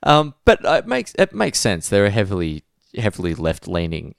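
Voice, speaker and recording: Australian male podcast co-host, very low voice, rambling chatty delivery, dry close mic. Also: wildly swooping pitch, moderate pace, creaky, clean tone, no room sound. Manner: rambling storyteller, frequent fillers. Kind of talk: casual chat.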